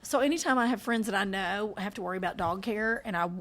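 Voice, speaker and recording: A woman with a Southern US accent co-hosting a casual podcast chat, animated and fond of acting out quoted lines in playful voices. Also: medium pitch, fast. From American South. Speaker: podcast co-host.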